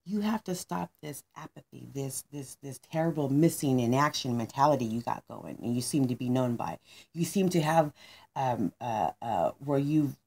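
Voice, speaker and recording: A woman voicing a blunt, angry male money manager who scolds and lectures with raised, pitched-up intensity. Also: animated, moderate pace, gravelly, mellow, exaggerated voice. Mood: earnest.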